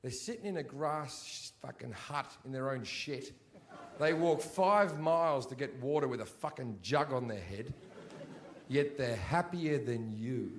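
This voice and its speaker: A male stand-up comedian performing in a large theatre, swinging between shouted rants and low mutters, with heavy swearing. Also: animated, unhurried, a little hiss or hum. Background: audience laughter.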